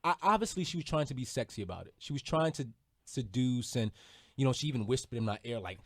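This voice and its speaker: A man's voice: medium pitch, fast, no room sound, clean studio sound. Man telling a story on a podcast. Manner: animated storyteller. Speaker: podcast co-host. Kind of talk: casual podcast chat.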